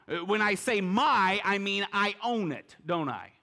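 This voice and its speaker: A middle-aged man delivers a sermon as a pastor, his voice sitting a little high for a man. He takes his time, speaking slowly and chatting with the congregation through rhetorical questions. He slips in light, humorous asides along the way. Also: animated, gravelly, sharp tone. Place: church service with congregation.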